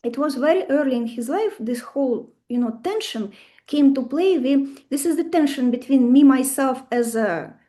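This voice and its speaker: High-voiced woman teaching astrology. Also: moderate pace. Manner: animated, asks the class questions, acts out stories. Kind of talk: live lesson with stories.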